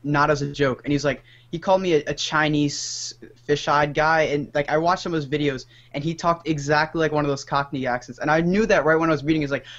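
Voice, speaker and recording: A man with a slightly high voice tells a halting, rambling story on a podcast. The sound is dull and lo-fi. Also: steady tone, a bit bright. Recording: muffled lo-fi podcast audio.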